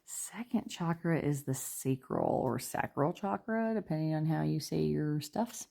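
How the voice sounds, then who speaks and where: Woman tarot reader, gravelly and dark-toned, hushed and chatty. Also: low-pitched, moderate pace. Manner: chatty, rambling, lots of fillers; talking quietly. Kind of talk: casual spoken tarot reading.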